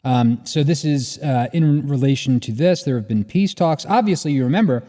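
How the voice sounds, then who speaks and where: A man's voice: mid-range voice, moderate pace, dark tone. A man co-hosting a casual political discussion, blunt and offhand, swearing freely. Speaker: podcast co-host.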